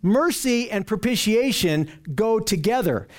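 A man's voice: high voice, expressive, measured pace. A man teaching a Bible study lesson in an earnest way, often restarting his sentences.

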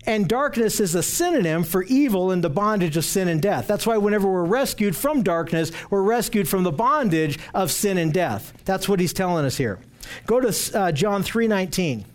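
A man teaching through Bible passages verse by verse, earnest and emphatic, repeating phrases for stress and reading scripture aloud slowly. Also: high voice, lively intonation.

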